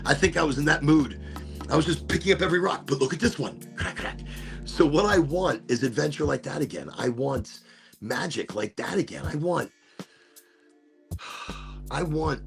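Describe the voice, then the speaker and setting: Gravelly, animated storytelling man. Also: mid-range voice. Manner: animated, swears, repeats words. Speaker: podcast host. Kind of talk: casual storytelling.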